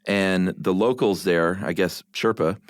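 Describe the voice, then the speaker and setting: Laid-back low-voiced man, dry studio sound. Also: fairly even intonation, unhurried, no echo. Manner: laid-back, self-mocking storyteller with many uhs. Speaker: podcast co-host. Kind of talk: casual chat.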